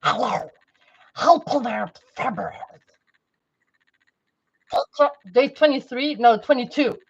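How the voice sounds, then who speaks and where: A high-pitched woman chats on her livestream in a loose, rambling way, restarting her sentences and breaking into laughs. The audio is a little dull and lo-fi, like a home stream. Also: animated, takes it slowly, gravelly, breathy edge. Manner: rambling, self-interrupting, laughs often. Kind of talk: casual livestream chat.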